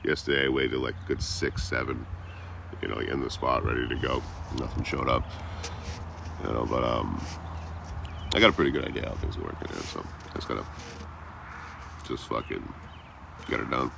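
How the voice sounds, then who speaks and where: A man's voice: very deep voice, normal speed, creaky, long pauses, background noise. A man chatting loosely with viewers on a livestream, rambling and swearing freely. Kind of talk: casual live chat.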